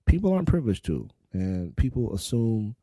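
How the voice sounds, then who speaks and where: A man's voice: fairly low pitch, very animated, normal speed, mellow, dry recording. A young adult man co-hosting a casual podcast chat, laid-back and joking about parenting. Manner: laid-back, joking, laughs while telling stories. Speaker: podcast co-host.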